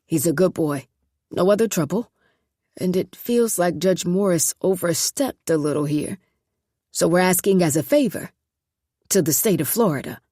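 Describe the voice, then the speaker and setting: A woman's voice: on the low side, lively intonation, normal speed, warm tone, dry recording, clean studio sound. A woman voicing a nervous young male state official who speaks earnestly and with anxious politeness.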